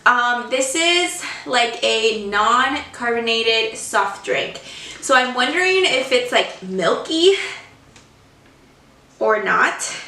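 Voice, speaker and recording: A young woman chatting casually through a snack-tasting vlog at home, excitable and gushing. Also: on the high side, slow. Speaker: vlogger. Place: room at home. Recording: roomy sound, a bit far from mic.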